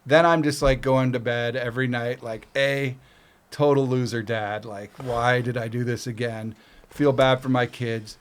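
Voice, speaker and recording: His mid-range voice is clean and measured as this middle-aged guest from Canada tells a casual story. It's a profane, animated retelling packed with swearing and acted quotes.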